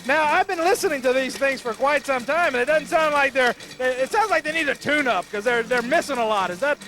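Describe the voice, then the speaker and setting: A wisecracking male TV reporter out at a fair, talking into a handheld mic. His voice sits very high for a man and rings bright and forceful. He keeps his banter playful and loose. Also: fairly quick, slight background noise. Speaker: roving TV reporter. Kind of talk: jokey on-location fair reporting. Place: outdoors at a county fair.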